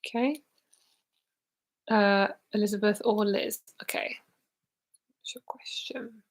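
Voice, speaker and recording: Here is a chatty woman reading tarot live, blunt and quick to laugh. She sounds tired and keeps yawning between cards, yet stays eager. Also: mid-range voice. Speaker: tarot reader.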